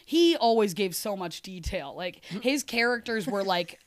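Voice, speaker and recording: A woman in casual podcast chat, telling animated stories, laughing often and swearing casually. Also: mid-range voice, unhurried. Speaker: podcast co-host.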